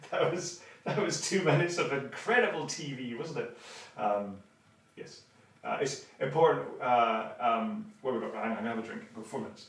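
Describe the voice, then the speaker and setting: A man's voice: medium pitch, normal speed, a bit bright. A man in his fifties hosting an online rowing class, chatting casually and rambling with many restarts. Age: 50s. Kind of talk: casual livestream chat. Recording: roomy, mic at a distance.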